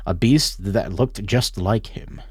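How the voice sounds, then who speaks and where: A man's voice: on the low side, slow. A man streaming a visual novel, reading the story aloud and reacting with casual swearing. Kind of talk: game stream narration and commentary.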